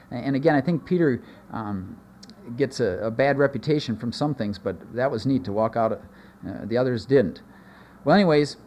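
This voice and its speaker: A man preaching a conversational sermon, animated, with asides and sudden jumps in pitch. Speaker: pastor. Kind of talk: expository sermon.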